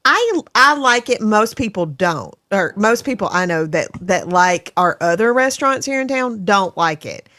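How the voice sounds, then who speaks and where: A woman's voice: mid-range voice, lively intonation, moderate pace, hardly any pauses, bright, forceful tone, dry recording. Friendly woman with a dry, close sound. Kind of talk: casual chat.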